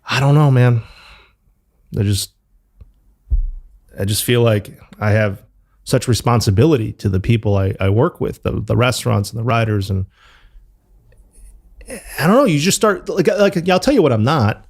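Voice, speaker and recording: A company founder talking loosely as an interview guest, full of fillers and the odd swear word. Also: male voice, medium pitch, expressive, moderate pace, long pauses, darkish tone. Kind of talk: casual interview talk.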